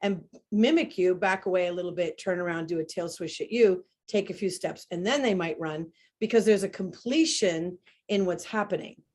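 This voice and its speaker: Animated woman explaining horse behavior. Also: lowish voice, normal speed, slight background noise. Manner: animated, demonstrates sounds. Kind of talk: explanatory webinar conversation.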